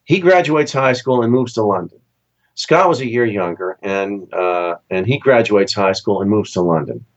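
Heard through lo-fi sound at a normal speed, this Southern Californian session musician spins long, relaxed interview stories. Whenever he quotes someone, he acts out their voice, leaping sharply in pitch.

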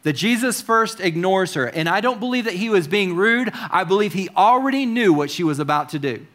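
High-voiced male preacher, chatty. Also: expressive, brisk, fairly bright tone. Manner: chatty, asks the congregation questions, wry asides. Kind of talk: conversational sermon.

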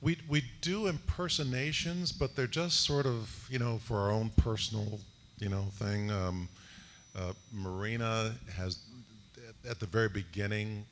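A man's voice: lowish voice, fairly even intonation, moderate pace, a bit bright, slight background noise. A male actor on a convention panel, rambling casually with lots of fillers and restarts.

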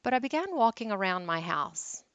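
A woman's voice: medium pitch, very animated, moderate pace, a bit bright, no echo. A woman hosting a wellness talk, telling a candid, self-deprecating personal story. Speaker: wellness teacher and host.

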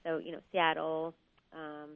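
A woman's voice: low-pitched, completely flat delivery, measured pace, gravelly, no room sound. A woman calling in as a guest, chatting casually and thinking aloud with many ums and uhs. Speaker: guest on the phone. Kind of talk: casual interview chat. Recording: tinny phone line.

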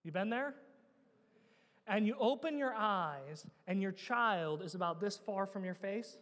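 A man in his thirties preaching a sermon, swinging between loud urging and hushed emphasis and asking the congregation rhetorical questions. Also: sits high, expressive, unhurried. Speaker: pastor. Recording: long reverb of a large hall.

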